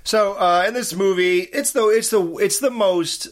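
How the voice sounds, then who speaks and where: A man's voice: high-pitched, unhurried. A man in casual movie chat with friends, rambling and laughing often.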